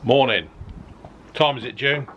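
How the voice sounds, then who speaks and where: A man's voice: mid-range voice, a little slow, a bit bright, lo-fi sound, slight background noise. A man chatting casually to camera about his camper van build, joking and filling gaps with ums and uhs. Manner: chatty, joking, lots of fillers.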